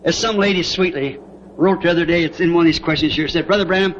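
Folksy man preaching a sermon; high voice on a dull lo-fi tape. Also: quick pace. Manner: folksy storytelling, often asks "See?". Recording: dull lo-fi old tape with faint hiss.

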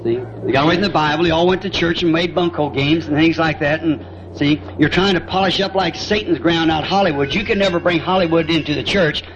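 A man's voice: on the high side, a little fast. A man preaching a sermon, telling family stories in a folksy way and often asking "See?". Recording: dull lo-fi old tape with faint hiss.

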